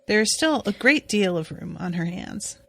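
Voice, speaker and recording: Woman podcast co-host, unhurried casual recap, chatty with lots of fillers, close dry mic. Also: medium pitch, expressive, no echo. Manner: chatty, swears, many "like" fillers. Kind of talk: casual episode recap chat.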